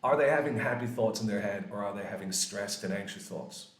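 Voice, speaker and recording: A man in his forties teaching English grammar in a casual, lively way, swearing freely and acting out little quoted exchanges. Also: fairly low pitch, fairly quick. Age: 40s. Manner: lively, swears often, acts out quoted voices. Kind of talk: casual classroom explanation. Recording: echoey room.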